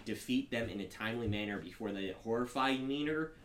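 Brief: young male podcast host, halting, filler-heavy review delivery, echoey room with faint hiss. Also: mid-range voice. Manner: rambling, filler-heavy board game review. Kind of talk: casual podcast chat.

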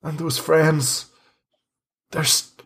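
Shaky, high-pitched coffinmaker, as a game master plays him, stammering and pleading in terror. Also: male voice, steady tone, extremely slow, fairly bright tone, exaggerated voice. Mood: fearful. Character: terrified jittery middle-aged male coffinmaker.

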